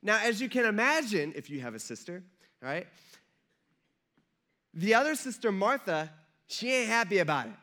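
A man's voice: high-pitched, sing-song, moderate pace, pauses often, sharp tone. A man giving a casual, conversational sermon as a pastor, often checking in with his listeners. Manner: conversational, jokey, checks in with the audience.

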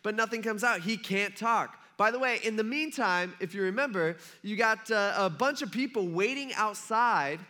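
A male preacher who tells the story in a loose, conversational way and keeps turning to the congregation. His voice sits high and sounds bright and forceful. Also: moderate pace, few pauses. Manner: casual and chatty, talks to the congregation directly. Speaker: pastor.

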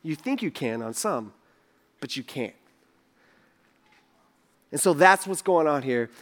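A man on the high side, fairly bright in tone, talks slowly with lively intonation. In his casual pastor's sermon he rambles conversationally, uses "like" often and voices the people in his quotes.

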